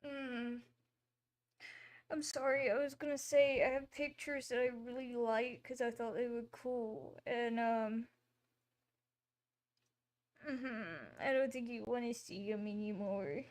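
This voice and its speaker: A woman's voice: a little high, steady tone, slow pace, pauses often, a little mellow. A woman hosting a casual livestream, talking in a rambling, chatty way with lots of fillers and apologies. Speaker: livestream host.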